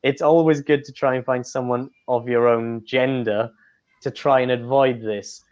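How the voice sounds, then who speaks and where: A man with a darkish, steady, medium-pitched voice talks at a normal speed, answering interview questions as an English tutor. His explanations are full of fillers and restarts, and the audio is dull and lo-fi.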